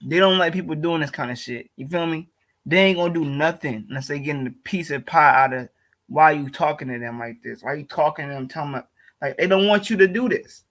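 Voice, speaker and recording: A man's voice: a little high, brisk, fairly bright tone. A man giving casual commentary over a video, heated and profane, full of slang and repeated lines.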